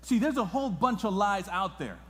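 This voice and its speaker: A man preaching a sermon as a guest pastor in a church, moving between hushed and loud, impassioned delivery. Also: high voice, animated, fairly quick. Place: church sanctuary. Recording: long reverb of a church hall.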